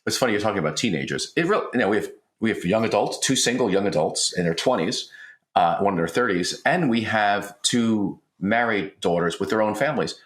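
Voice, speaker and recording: A man's voice: fairly low pitch, brisk. A man in his sixties co-hosting a podcast, talking earnestly and telling family stories. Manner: earnest, storytelling, voice lifting when excited. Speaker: podcast co-host. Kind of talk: conversational podcast talk. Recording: roomy echo.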